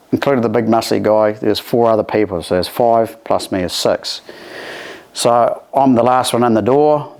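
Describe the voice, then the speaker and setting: A man with a New Zealand accent telling a story from his life in a conversational way, acting out the dialogue. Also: lowish voice. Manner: animated, acts out dialogue with raised voices.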